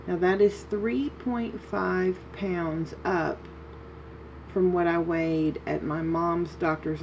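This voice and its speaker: A woman talking through a casual video diary update in a slow, rambling way with many fillers. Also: low voice, a little mellow. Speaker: vlogger. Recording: dull lo-fi with faint noise.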